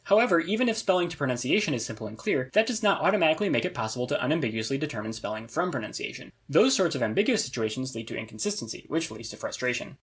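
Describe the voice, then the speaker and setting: A man's voice: medium pitch, very animated, very fast, few pauses, fairly bright tone, slightly rough. A young man narrating a scripted explainer video with a dry, lecturing delivery and wry asides.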